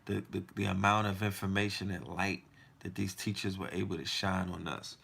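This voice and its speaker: A man with a low, gravelly voice holds forth in a heated, casual monologue. He fires off one rhetorical question after another and swears freely as he presses his point. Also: level tone, moderate pace, a bit bright. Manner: emphatic and profane, firing rhetorical questions. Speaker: podcast host.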